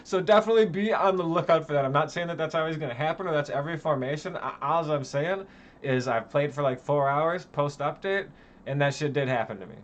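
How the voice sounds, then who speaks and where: A man's voice: a little high, fast, dull audio. A young man ranting angrily about a video game, swearing constantly and turning sarcastic, one moment raising his voice and the next muttering. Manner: angry, swearing, sarcastic, swinging between shouting and muttering. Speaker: gaming channel host. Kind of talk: profane ranting commentary.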